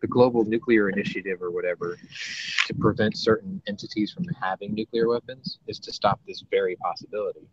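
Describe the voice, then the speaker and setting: A man with a somewhat low voice chats loosely on a podcast, drifting between points and restarting his sentences, with the odd curse. The recording is slightly muffled and lo-fi, with a faint background hiss. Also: fairly even intonation, fairly quick. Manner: rambling, profane, many restarts. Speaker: podcast host. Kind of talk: casual podcast chat. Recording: dull lo-fi with faint noise.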